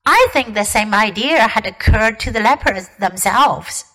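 A woman teacher reading a classic storybook aloud in a careful, expressive way. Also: on the high side, unhurried, rough recording.

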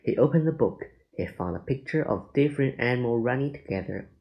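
A man slowly reading a children's chapter book aloud, deliberate and stumbling now and then, on a dull lo-fi recording. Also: medium pitch, lively intonation, vocal fry. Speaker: narrator.

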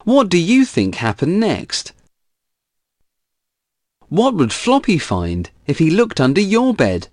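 Man, teacher-style read-aloud of children's questions, very lively melody, dry close sound. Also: on the high side, slow, long pauses, no room sound. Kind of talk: reading out comprehension questions.

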